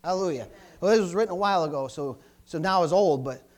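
A middle-aged man, preaching a sermon with call-and-response, repeated hallelujahs, and swings from loud exclamations to soft asides. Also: high-pitched, fast talker.

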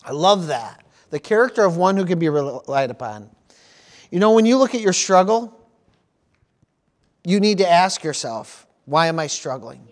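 A man's voice: high-pitched, very animated, moderate pace, long pauses. A middle-aged man preaching a sermon, repeating phrases and dropping in praise interjections as he goes. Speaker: pastor.

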